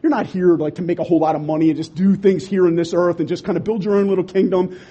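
A young man preaching a sermon, impassioned, swinging from loud urging to quiet emphasis. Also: high-pitched, fairly even intonation, fast talker, slightly rough, dull audio.

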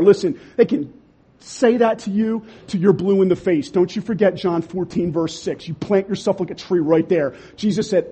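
A young man preaching a sermon, impassioned, swinging from loud urging to quiet emphasis. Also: high-pitched, normal speed, breathy edge.

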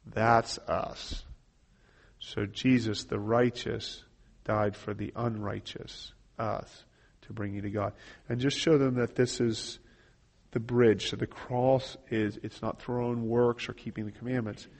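A man's voice: lowish voice, fairly even intonation, unhurried, vocal fry, darkish tone. A man teaching how to share a gospel tract, earnestly reading scripture passages aloud and explaining each step. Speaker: evangelism trainer. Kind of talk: instructional talk walking through a gospel tract.

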